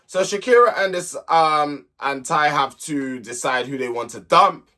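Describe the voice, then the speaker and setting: A man's voice: on the high side, measured pace, bright, forceful tone. A young man hosting a reality TV recap channel, giving blunt, exasperated opinions in casual commentary.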